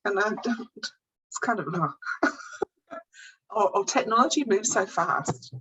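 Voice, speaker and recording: A woman's voice: medium pitch, lively intonation, measured pace, pushed and bright, husky, muffled recording. A woman, co-hosting a podcast in rambling casual chat and giggling often. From New Zealand. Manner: giggly, rambling, self-interrupting. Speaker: podcast co-host.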